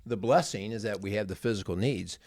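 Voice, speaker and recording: Earnest low-voiced man storytelling. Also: brisk, a little mellow, no echo, studio quality. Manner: earnest, rambling, repeats words. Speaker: podcast co-host, marriage coach. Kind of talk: casual chat, storytelling.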